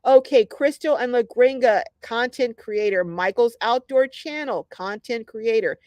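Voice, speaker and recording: A woman's voice: fairly high pitch, unhurried, a little mellow, dry recording. A middle-aged woman hosting a casual livestream, chatty and upbeat, reading out viewer comments with lots of ums. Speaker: livestream host.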